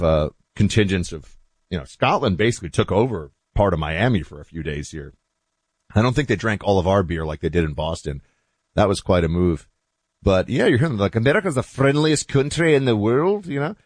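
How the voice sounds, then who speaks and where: A man hosting a talk show, chatting in a loose, animated monologue with asides that trail off quietly. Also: low-pitched, no room sound. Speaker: host.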